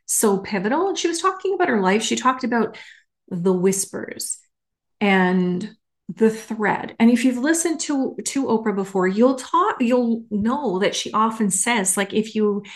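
Slow, emphatic woman podcaster. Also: fairly high pitch, animated. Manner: emphatic and candid, swears casually. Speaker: podcast host. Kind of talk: casual solo podcast monologue.

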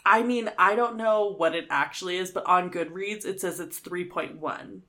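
A woman's voice: fairly low pitch, normal speed, sharp tone. A young woman co-hosting a book podcast, chatting casually, filling her talk with "like" and laughing often. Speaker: podcast co-host. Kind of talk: casual chat.

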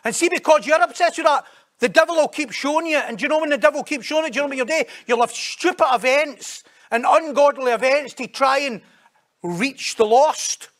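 A man delivering a sermon with a notably high-pitched voice for a man. He talks in a lively, conversational way and often jumps into loud, raised bursts of emphasis. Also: a little fast. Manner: animated, acts out quoted voices, sudden loud high bursts. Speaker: preacher.

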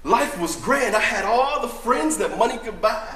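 A man performing a dramatic first-person monologue as a brash, boastful young prodigal son, emphatic and often shouting. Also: very high voice, lively intonation, moderate pace, reverberant, background noise.

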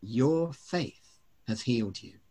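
A man voicing a calm, kindly teacher, in a gentle, measured reading. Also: medium pitch, husky.

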